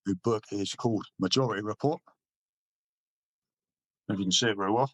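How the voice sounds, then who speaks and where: A man's voice: on the low side, brisk, a bit bright, dry recording. A middle-aged man from England, a former paratrooper, telling army stories in casual chat, swearing often and repeating himself. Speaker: guest, former paratrooper and author.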